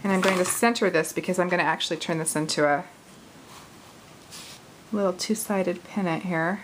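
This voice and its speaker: In a lowish voice at normal speed, a chatty craft host in her forties walks through making a card, laughing easily and thinking out loud as she works. The audio quality is poor, with a slight hiss in the background.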